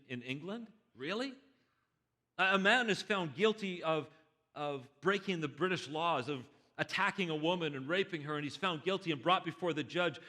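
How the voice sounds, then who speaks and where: A preacher voices a calm, unbending judge who hands down a verdict. The judge speaks slowly and firmly and asks sharp questions, in a bright voice pitched a little high. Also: male voice. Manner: measured, firm, rhetorical questions. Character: stern male judge, calm and unyielding.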